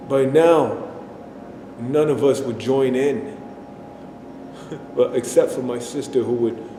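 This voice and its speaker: A man performing a dramatic stage monologue, speaking haltingly and repeating himself as he recounts a disturbing memory. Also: natural voice. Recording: echoey hall, faint rumble.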